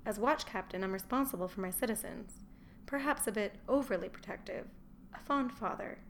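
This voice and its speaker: A woman's voice: mid-range voice, fairly quick, a little hiss or hum, natural voice. A woman reading the lines of a cheerful, wry Roman watch captain and fond father, as an audiobook character voice.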